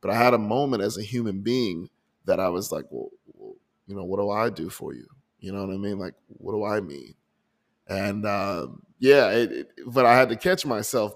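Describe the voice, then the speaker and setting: A man hosting his own podcast, talking earnestly and emotionally about his month, often restarting his sentences. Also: fairly low pitch. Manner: earnest, emotional, many restarts and repeated words. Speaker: podcast host. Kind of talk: reflective personal audio journal. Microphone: desk microphone.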